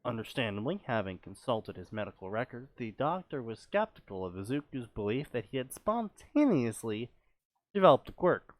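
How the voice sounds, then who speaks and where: A man's voice: mid-range voice, very animated, moderate pace. A man co-hosting a casual podcast, reading fanfiction aloud with sarcastic, profane commentary.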